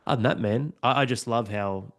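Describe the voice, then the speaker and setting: A man's voice: medium pitch, brisk, a bit bright. A man, hosting a podcast interview and encouraging his guest with enthusiasm. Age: 40s. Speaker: podcast host. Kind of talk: conversational interview.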